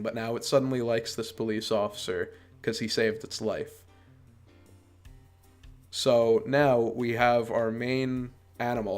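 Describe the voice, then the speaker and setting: A man hosting a podcast, giving a casual, sarcastic and exasperated review of a movie. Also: mid-range voice.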